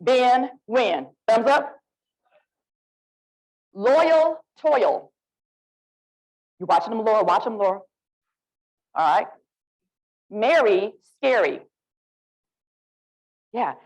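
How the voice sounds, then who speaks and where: A woman with an Alabama Southern accent, leading a lively, interactive literacy workshop and coaxing the audience to join in. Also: a little high, drawn-out words, pauses often, rough recording. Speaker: literacy presenter.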